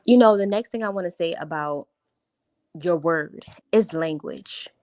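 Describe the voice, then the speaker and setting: Animated woman coach on a live stream. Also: on the low side, measured pace. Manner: animated, emphatic, stretches positive words. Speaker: life coach.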